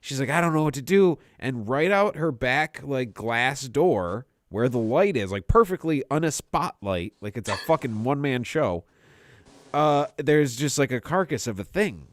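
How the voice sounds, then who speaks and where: A young man telling a story in casual chat, animated and swearing freely, acting out the voices of people in it. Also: medium pitch, measured pace, no echo. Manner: animated, swearing often, acts out quoted voices. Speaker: podcast co-host telling a story.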